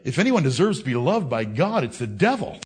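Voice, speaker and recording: A man delivers a fiery sermon in a confrontational, scolding manner. He swings from loud, raised declaiming to low, intense reasoning aimed straight at his listeners. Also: big pitch swings, a little fast, husky. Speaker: preacher.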